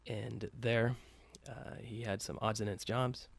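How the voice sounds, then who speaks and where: A man's voice: on the low side, little pitch movement, takes it slowly, vocal fry, husky, no echo. A man telling a story casually, with loose profane talk and many fillers, acting out the quoted lines lightly.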